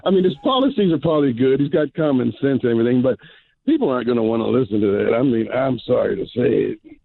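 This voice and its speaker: A man's voice: mid-range voice, expressive, quick pace, vocal fry, husky, dry recording. A man calling in to a radio show, talking in a plain-spoken, hesitant way. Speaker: caller. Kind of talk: phone-in call. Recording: tinny phone line.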